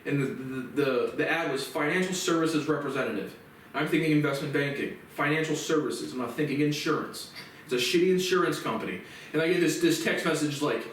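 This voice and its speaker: A man's voice: fairly high pitch, quick pace, a little hiss or hum. Angry man ranting in echoey room. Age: 20s. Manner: agitated, swearing, voice rising into shouts. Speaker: vlogger. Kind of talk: angry profane rant to camera. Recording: very echoey room, far from mic.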